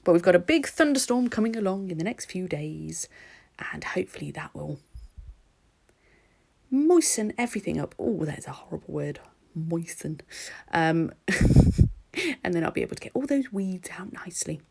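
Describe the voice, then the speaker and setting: A woman's voice: fairly low pitch, lively intonation, moderate pace, gravelly, darkish tone, slightly rough. A woman narrating her nail art in a chatty, rambling voice-over recorded at home. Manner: chatty and rambling, with laughs and ums.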